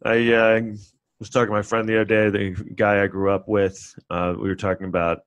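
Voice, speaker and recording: Low-voiced rambling New York man. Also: flat delivery, brisk, clean tone, no echo. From New York City. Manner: rambling, self-deprecating, acts out others in mocking high voices. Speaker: podcast host. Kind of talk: casual solo monologue.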